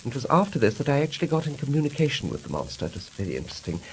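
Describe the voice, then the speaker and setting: A man from Britain telling a deadpan 1930s stage comedy monologue in a dry manner. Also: medium pitch, very fast, slight background noise, poor audio. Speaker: comic monologist.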